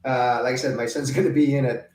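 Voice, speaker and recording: A retired man in his fifties telling a casual, animated story, laughing, cursing and acting out both sides of an argument. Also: mid-range voice, fast talker. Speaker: retired vlogger. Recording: roomy, mic set at a distance.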